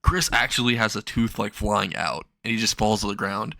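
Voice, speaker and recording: A man's voice: on the low side, moderate pace, creaky, sharp tone, no echo. A man casually narrating a fan-made story, rambling and swearing. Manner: rambling, profane, laughs at own jokes.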